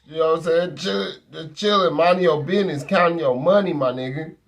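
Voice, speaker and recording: A male show host ranting in a casual, profane style, blunt and rambling with heavy slang, and saying he is high. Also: brisk, vocal fry.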